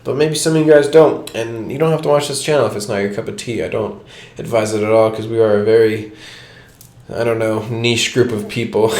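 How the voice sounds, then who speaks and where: A man's voice: on the low side, a little mellow. Rambling young man telling a story. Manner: rambling, lots of "like", laughs at his own story. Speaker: vlogger. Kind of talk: casual storytelling. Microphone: cheap old home microphone. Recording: echoey room, old microphone.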